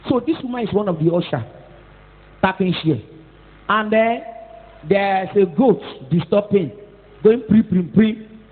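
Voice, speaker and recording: A Nigerian-accented woman pastor preaching a scolding, animated sermon, mixing in Pidgin and Yoruba and rising to shouts at times. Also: medium pitch, unhurried, pauses often. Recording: tinny phone-like echoey hall.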